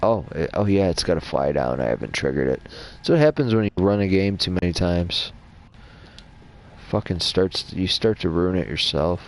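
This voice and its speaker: Deep-voiced, swearing gaming commentator. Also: male voice, lively intonation, moderate pace. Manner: casual, rambling, heavy swearing. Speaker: gaming channel host. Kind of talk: lore commentary over gameplay.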